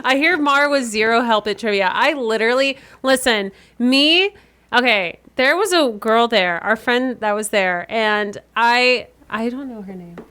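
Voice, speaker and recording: A woman guesting on a podcast speaks in a fairly high voice. She talks casually and bluntly, swearing freely as she chats. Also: a little slow, sharp tone, slight background noise. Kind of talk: casual chat.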